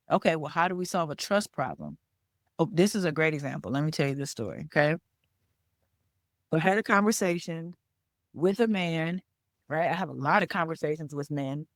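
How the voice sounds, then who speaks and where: A woman's voice: low-pitched, lively intonation, normal speed, long pauses, no echo. Chatty woman podcast host, dry sound. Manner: conversational storyteller, keeps checking in with "okay?" and "right?"; repeats words for emphasis. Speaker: podcast host and business coach. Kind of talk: solo podcast teaching.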